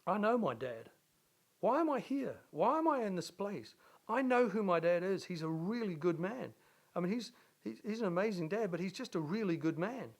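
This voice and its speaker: A man's voice: high voice, very animated, moderate pace, pitched above the performer's own voice, heavily acted. A man voicing a humbled young prodigal son who pleads with himself to go home. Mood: pleading.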